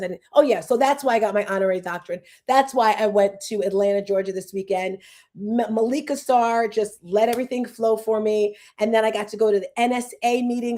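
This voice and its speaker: A woman in her fifties, speaking in a somewhat mellow medium-pitched voice, hosts a casual talk. Her emotional rambling moves fast from one tangent to another, and she sometimes comes close to crying.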